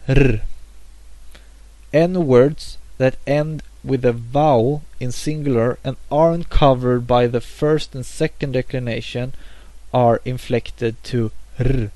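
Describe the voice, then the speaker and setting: A man giving a grammar lesson at a very slow, deliberate pace, pausing after each example word. His voice is dark and mellow, recorded dry and close with no room sound. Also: mid-range voice, fairly even intonation, no room sound. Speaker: language teacher.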